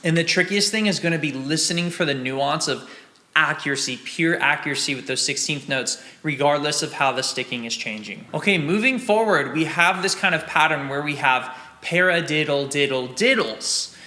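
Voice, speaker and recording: In a bright, forceful voice on the high side, a young man leads a snare drum lesson at a moderate pace, cheering the student on while counting and sounding out the rhythms. The recording is roomy, with drums and a metronome audible.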